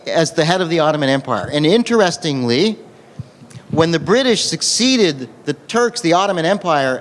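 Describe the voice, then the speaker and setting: Man lecturing in an echoing hall. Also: a little high. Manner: explanatory, measured. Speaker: lecturer taking audience questions. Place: large conference hall. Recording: long hall reverb.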